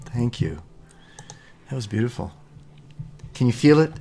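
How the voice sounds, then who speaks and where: A man leading devotional mantras and then talking slowly about meditation in a measured, devotional way. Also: mid-range voice, very animated, warm tone. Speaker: mantra leader. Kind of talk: chanting mantras and spiritual talk.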